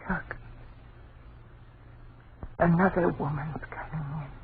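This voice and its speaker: A woman's voice: low voice, steady tone, slow pace. An actress playing a frightened mother who watches a ghostly scene, anxious and tense, in 1940s radio drama style. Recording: tinny old radio recording with clear hiss.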